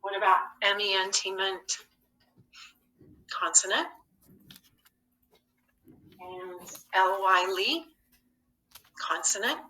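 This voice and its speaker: Far from the mic in an echoey classroom, a woman teaches young children phonics, patiently asking questions and answering them herself. Her mid-range voice is pushed and bright, with a slow pace and long pauses.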